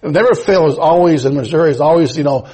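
A man's voice: fairly high pitch, quick pace, darkish tone, slightly rough, rough recording. A man preaching a sermon in a folksy, emphatic way, mixing scripture with personal stories. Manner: folksy, storytelling, emphatic rises.

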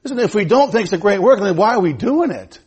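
A male pastor in a church delivers his sermon in a raised, husky voice that sits high for a man. He repeats words and stumbles when he gets excited, then suddenly drops into low, quiet asides before climbing back up. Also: fast.

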